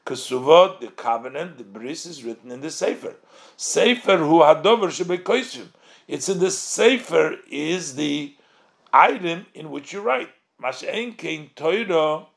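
A man's voice: on the high side, expressive, measured pace, vocal fry. Man explaining a text, line by line. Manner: reads Hebrew phrases and translates them line by line; explains patiently, asks and answers his own questions. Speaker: Torah teacher. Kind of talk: text study lesson.

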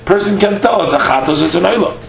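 A man's voice: high voice, animated, vocal fry, faint music behind. Man teaching a Talmud page in an echoey room. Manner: reads Hebrew-Aramaic phrases, then translates them; halting, with frequent "uh" fillers. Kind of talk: daily Talmud page lesson.

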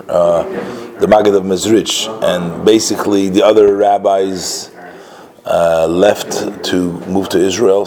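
Halting, slightly low-voiced male storyteller. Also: low-quality recording. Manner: halting, with many filler sounds and restarts. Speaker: religious storyteller. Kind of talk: storytelling lesson.

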